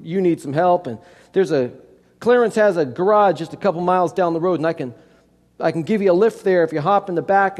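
Man doing a loud, tough farmer's daughter. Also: a little high, natural voice. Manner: loud, blunt, no-nonsense. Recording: long hall reverb.

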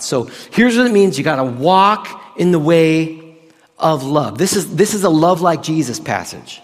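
A male pastor giving a casual, conversational sermon, drawing out key words slowly for emphasis. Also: on the high side, lively intonation. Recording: long hall reverb.

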